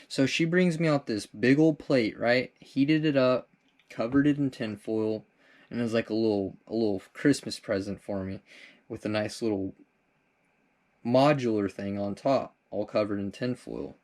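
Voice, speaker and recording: A man's voice: fairly low pitch, normal speed, a little mellow. A young man hosting a comedic vlog, answering viewer questions in a rambling, laid-back way and tossing in "dude" and casual swearing.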